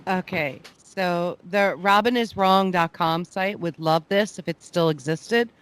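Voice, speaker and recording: A woman's voice: fairly low pitch, unhurried, clean tone. A woman co-hosting a podcast, giving blunt, sarcastic comic commentary. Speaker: podcast co-host. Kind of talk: casual comedic commentary.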